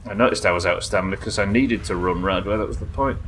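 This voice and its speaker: A man streaming a game live, commenting excitably and swearing as he plays. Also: low-pitched, fast, soft background music. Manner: excitable, sweary, talking to himself.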